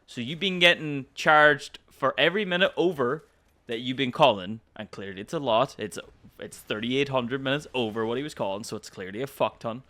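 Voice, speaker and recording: A man's voice: mid-range voice, normal speed, sharp tone. A young Irish man ranting about customer service work, exasperated and swearing freely, tagging on "right?" again and again. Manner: exasperated, profane, rhetorical "right?". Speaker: commentary YouTuber. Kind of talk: ranting storytime commentary.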